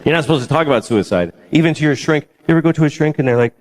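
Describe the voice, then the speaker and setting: A man in his forties doing stand-up comedy, deadpan, dark and profane. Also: fairly high pitch, racing. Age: 40s. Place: stage in a comedy venue.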